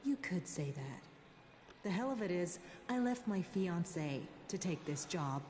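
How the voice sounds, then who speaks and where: A woman's voice: on the low side, expressive, measured pace, echoey room, background noise. An actress playing a bitter, wry female media coordinator stuck in a disaster zone.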